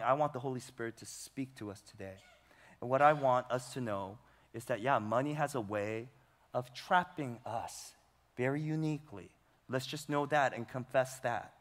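Preaching man in an echoing hall. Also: mid-range voice. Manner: emphatic, asks the audience rhetorical questions. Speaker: pastor. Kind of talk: sermon. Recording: long hall reverb.

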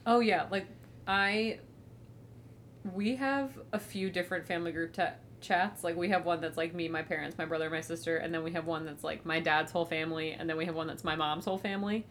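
A young woman talks in loose, animated podcast banter, her voice sitting a little low for a woman. She leans on "like" and drops casual swears as she tells family stories. A faint rumble hums under the recording. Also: a little fast. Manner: chatty, animated storytelling with frequent "like" and swearing. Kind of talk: casual chat.

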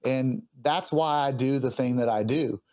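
A man speaks as a podcast guest, his voice pitched in the ordinary middle range. He tells a personal story with open, earnest feeling. He often halts and restarts his sentences as he goes. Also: darkish tone. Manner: earnest, heartfelt, halting with restarts. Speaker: guest musician.

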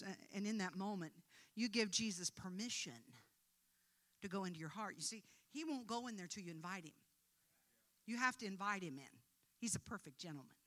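An older woman preaching a sermon, dropping to hushed, tender urging and rising to loud, fervent calls. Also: mid-range voice, lively intonation, normal speed.

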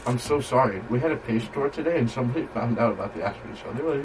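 A man's voice: mid-range voice, lively intonation, quick pace. A young man co-hosting a casual live show, laid-back and slangy, heard from a distant mic with noticeable room noise. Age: young adult. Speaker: co-host. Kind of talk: casual banter.

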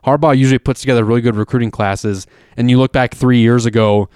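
A man chats loosely about sports, emphatic and rambling, often restarting his sentences. His voice is smooth and clear, recorded close in a dry space. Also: medium pitch, fairly even intonation, fast talker, a little mellow, no room sound. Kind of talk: casual sports chat.

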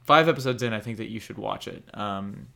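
A man's voice: on the low side, a little fast, gravelly, bright, forceful tone. A young man co-hosting a casual podcast, rambling candidly and swearing now and then. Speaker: podcast co-host. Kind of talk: casual chat about anime.

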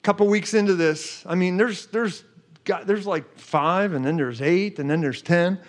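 A middle-aged man telling an animated faith testimony, excitable and emphatic, acting out what people said. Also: high voice, moderate pace. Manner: excitable, emphatic, acts out quotes with gasps and laughs.

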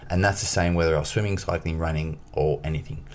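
A man telling a personal story as an interview guest, in a lively way, acting out the dialogue. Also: extremely low pitch, fast talker, a little hiss or hum. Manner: lively, acts out dialogue in his stories. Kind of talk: casual storytelling.

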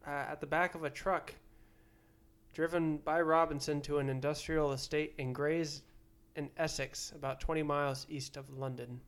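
A man's voice: a little high, flat delivery, moderate pace. A man co-hosting a casual podcast, reading news headlines aloud as a teasing quiz-master. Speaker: podcast co-host.

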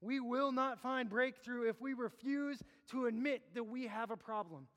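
A man preaching a sermon as a pastor, impassioned, swinging between loud urging and low hushed appeals. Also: moderate pace. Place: church sanctuary. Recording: long hall reverb.

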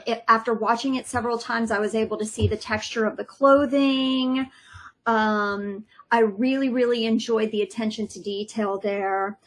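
A middle-aged woman chats on a family podcast with a slightly high voice. She lays out her opinions firmly but casually, pausing on ums as she thinks. She sounds like a mother talking things over at home. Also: low-quality recording. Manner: opinionated, thoughtful, many ums.

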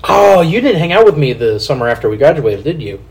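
A man from Kansas City hosting a casual podcast, telling stories in a profane, animated way. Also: a little high, fast talker, vocal fry, slight background noise. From Kansas City, USA. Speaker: podcast host.

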